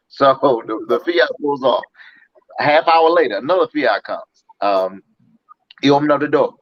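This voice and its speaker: A man telling a story in casual chat, animated and acting out the voices of others. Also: medium pitch, moderate pace, pauses often. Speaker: podcast host. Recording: dull, slightly lo-fi sound.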